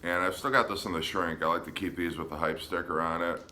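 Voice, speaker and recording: A man casually showing his record collection on a vlog, relaxed and hesitant, with frequent ums. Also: low-pitched, quick pace, slight background noise. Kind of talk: casual show-and-tell vlog.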